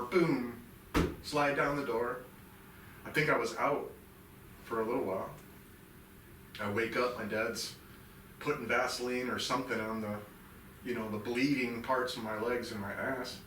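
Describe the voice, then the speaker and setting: A man's voice: normal speed, pauses often. Intense, profane man in his fifties. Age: 50s. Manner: intense and profane, swinging between low murmurs and loud outbursts. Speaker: podcast guest, military veteran. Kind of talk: raw personal storytelling. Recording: roomy sound from a distance, faint background hum.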